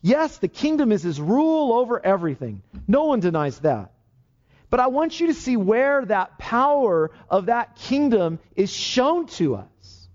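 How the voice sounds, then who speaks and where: Lively preacher man, lo-fi recording. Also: very high-pitched, measured pace. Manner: emphatic preaching with rhetorical questions. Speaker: pastor. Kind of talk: sermon. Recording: dull, lo-fi sermon recording.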